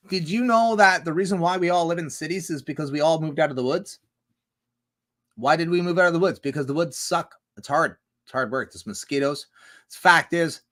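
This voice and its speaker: A man's voice: on the high side, moderate pace, a bit bright. A man rambling through a livestream monologue, swearing a lot and firing off rhetorical questions. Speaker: streamer.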